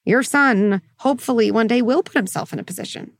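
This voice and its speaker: A woman hosting a parenting show as a psychologist, talking through advice in a casual, animated way and acting out quoted inner voices. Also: a little high, brisk, dry recording, clean studio sound.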